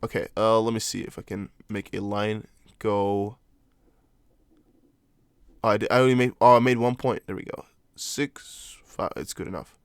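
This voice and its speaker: A man's voice: on the low side, fairly even intonation, normal speed, clear, resonant tone, no room sound, clean studio sound. Chatty young non-native English man. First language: not English. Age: young adult. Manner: chatty, rambling, with frequent restarts and apologetic asides. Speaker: crypto livestream host. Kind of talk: casual live-stream chat reading viewer comments.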